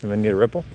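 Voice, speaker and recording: A man from Central Florida live-streams on a handheld phone while walking outdoors on a snowy, windy night, feeling the cold. His voice is lowish with a darkish tone, and he vlogs in a casual, rambling way, talking to his viewers.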